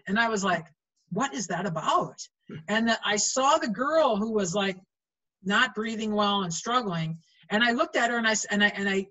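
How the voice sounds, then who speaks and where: Bright-voiced woman telling referee stories. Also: fairly high pitch, low-quality recording. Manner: animated, chatty, acts out quoted lines. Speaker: volleyball referee guest. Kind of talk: storytelling in an interview.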